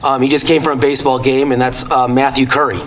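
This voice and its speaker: A man acts as the emcee and calls up each speaker in a casual, relaxed manner. His voice sits at a middling pitch, with only faint noise behind it. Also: fast talker, rough recording. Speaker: event emcee. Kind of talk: announcing speakers.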